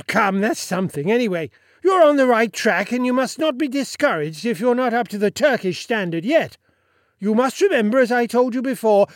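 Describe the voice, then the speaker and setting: A man's voice: high voice, no echo, studio quality, pitched above the performer's own voice. A man voicing a pompous, boastful little Sultan in a story reading, talking in a bossy, self-satisfied way. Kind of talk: audiobook character voice.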